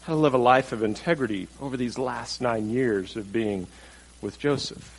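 A man's voice: mid-range voice, moderate pace, husky, poor audio. A male pastor preaching a conversational sermon, asking the congregation questions and acting out the people in the story. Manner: conversational, asks the audience questions, acts out quotes.

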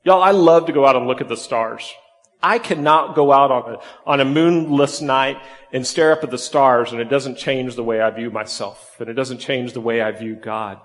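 A man's voice: medium pitch, normal speed, fairly bright tone, long reverb tail. A man preaching a conversational sermon, his voice rising and dropping for emphasis. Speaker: pastor.

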